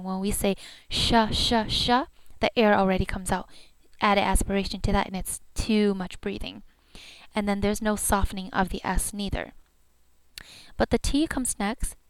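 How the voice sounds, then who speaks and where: Slow, patient woman teaching pronunciation. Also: medium pitch, clean tone, no room sound. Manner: patient, repeats each sound several times. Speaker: language teacher.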